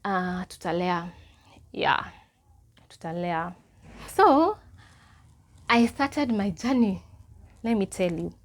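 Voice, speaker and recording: Kenyan woman in animated storytime. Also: mid-range voice, slow pace, pauses often. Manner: animated, mixes in Swahili phrases. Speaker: vlogger. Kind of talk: casual storytime.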